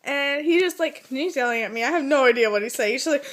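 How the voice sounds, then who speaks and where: A young American woman chats to camera, spinning a travel story with animated, giggly energy. Her voice sits high, and every other phrase starts with "like". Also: fast talker, hardly any pauses. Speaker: vlogger. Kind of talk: casual storytelling.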